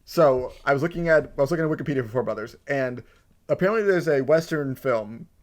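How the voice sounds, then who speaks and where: A man's voice: medium pitch, lively intonation, fast talker. A man co-hosting a movie podcast in casual chat, joking and blunt, swearing casually. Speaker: podcast co-host.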